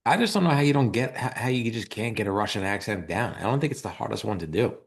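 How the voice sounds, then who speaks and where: A deep-voiced man giving his opinions on a film with friends. He circles back and repeats himself and leans hard on his points. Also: lively intonation, fast, gravelly, husky. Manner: rambling, repeats words, emphatic. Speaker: podcast co-host. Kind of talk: casual movie chat.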